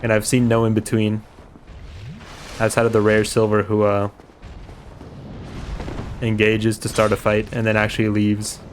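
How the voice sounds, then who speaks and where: Flat-voiced male game streamer. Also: on the low side, moderate pace, pauses often, a little hiss or hum. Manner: rambling, chatty, swears casually. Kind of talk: casual gameplay commentary.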